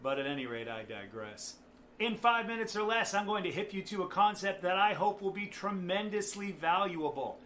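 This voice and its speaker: A man's voice: high-pitched, expressive, moderate pace, a bit bright, a little hiss or hum. A man giving a casual guitar lesson, chatty, with joking asides. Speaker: guitar teacher. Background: guitar playing.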